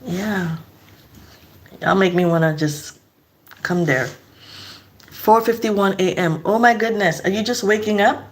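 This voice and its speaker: A woman's voice: medium pitch, unhurried, long pauses. A young woman from Nigeria chatting casually with her live-stream audience, laughing often and repeating herself.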